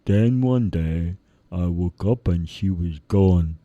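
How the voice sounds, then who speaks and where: A man voicing a lonely, sad little female teddy bear in a storybook reading, speaking slowly and heavily. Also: low voice, dark tone, no room sound, lo-fi sound. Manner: slow and heavy.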